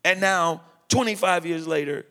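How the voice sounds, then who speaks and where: A man's voice: fairly high pitch, moderate pace, pushed and bright. A middle-aged man, a pastor, talking emphatically in a preaching style and quoting scripture. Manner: emphatic, quotes scripture, repeats phrases.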